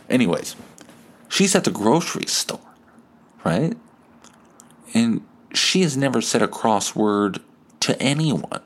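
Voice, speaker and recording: A man's voice: mid-range voice, big pitch swings, takes it slowly, pauses often. A male podcast host improvising a story, rambling and laughing at himself. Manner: rambling, laughs at his own tale.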